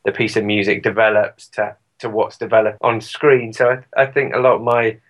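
A British man talks as an interview guest, rambling and self-deprecating, full of fillers. His voice sits a little low. He keeps it casual and easygoing. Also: flat delivery, brisk, fairly bright tone, lo-fi sound. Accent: British English. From Britain. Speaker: guest musician.

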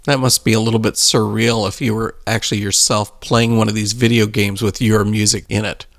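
A man's voice: lowish voice, flat delivery, fairly quick, creaky. A man interviewing a guest, asking short conversational questions. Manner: brief, conversational prompts.

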